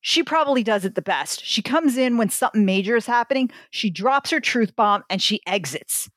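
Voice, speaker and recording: A woman's voice: on the high side, lively intonation, normal speed, no echo. A woman author ranting bluntly in a candid podcast chat, swearing freely. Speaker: guest, fantasy author.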